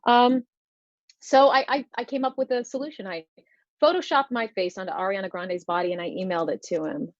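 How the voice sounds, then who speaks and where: A woman's voice: medium pitch, steady tone, fairly quick, dry recording, highs cut off. A woman performing a stand-up comedy set over a video call, telling wry stories with lots of fillers. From United States. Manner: wry, conversational storytelling with many fillers.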